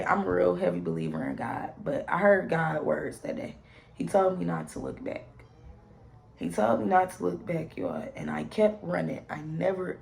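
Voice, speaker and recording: A young woman telling a personal story to her viewers in an animated storytime vlog, talking straight to them and swearing freely. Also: fairly low pitch, creaky, slight background noise, rough recording. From St. Louis area, USA. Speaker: vlogger.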